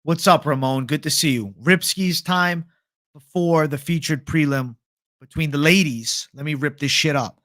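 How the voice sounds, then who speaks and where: Young male stream host, slightly high pitch, dry close mic, loose profane chat. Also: normal speed, fairly bright tone, dry recording. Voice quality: casual, profane, reads chat aloud. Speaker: MMA livestream host. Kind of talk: casual livestream fight picks chat.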